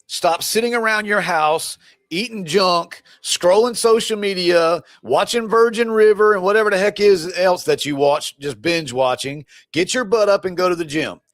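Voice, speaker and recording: A man's voice: sits high, normal speed, a bit bright, no echo, clean studio sound. A man who coaches people through divorce, talking on a live stream in a blunt, preachy, fired-up way and teasing his viewers. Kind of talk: live stream pep talk.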